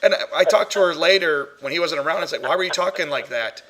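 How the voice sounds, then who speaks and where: A man hosting a casual paranormal podcast, chatty and quick to laugh while telling stories. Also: on the high side, fairly bright tone, slight background noise. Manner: laughs often, chatty storyteller. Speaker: podcast host, paranormal investigator.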